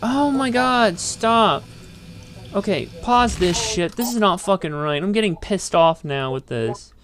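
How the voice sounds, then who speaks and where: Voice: mid-range voice, expressive, normal speed, slight background noise. A game streamer giving casual, profane commentary while getting frustrated with the controls. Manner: frustrated, swearing, ranting at the game.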